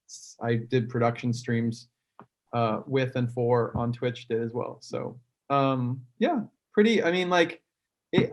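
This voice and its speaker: A man chatting casually on a video call, rambling with many ums and likes. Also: mid-range voice. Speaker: musician guest on fan call. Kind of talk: casual chat.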